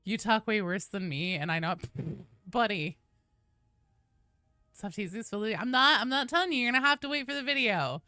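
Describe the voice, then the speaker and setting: A woman game streamer chatting casually and excitedly on a live stream, greeting viewers by name as she plays. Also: mid-range voice, normal speed, no room sound, clean studio sound.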